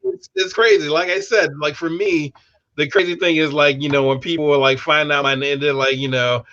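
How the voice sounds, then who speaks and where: A man's voice: on the high side, fairly even intonation, moderate pace, pushed and bright, dull audio. A man, a guest illustrator, telling a rambling story with many fillers. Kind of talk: casual storytelling.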